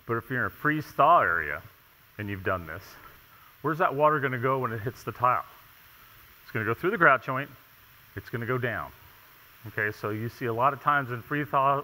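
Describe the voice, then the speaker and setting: A man's voice: medium pitch, pushed and bright. A man giving a conference presentation on tile installation, talking emphatically with rhetorical questions and frequent checks of "okay?". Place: large conference hall. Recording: long hall reverb.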